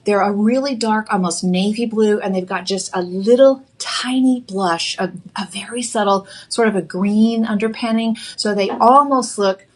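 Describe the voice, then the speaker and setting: A woman's voice: medium pitch, moderate pace, hardly any pauses. A woman with a Texan accent hosting a live jewelry shopping show, chatty and upbeat with casual fillers. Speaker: shopping channel jewelry host.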